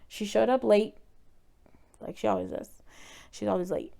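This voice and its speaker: A woman's voice: a little high, steady tone, takes it slowly, gravelly, pauses often, dark tone, clean tone. A young woman vlogger telling a painful personal story in a candid, emotional way, sometimes swearing.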